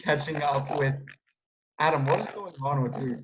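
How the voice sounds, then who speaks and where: A man's voice: a little high, normal speed, a little hiss or hum, poor audio. A man co-hosting a casual film podcast, laid-back and teasing. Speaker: podcast co-host. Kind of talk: casual chat.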